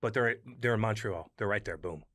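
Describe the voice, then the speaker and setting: A man co-hosting a casual sports podcast who jokes, swears freely and breaks into loud exclamations. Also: lowish voice, fairly quick, no room sound, clean studio sound. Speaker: podcast co-host.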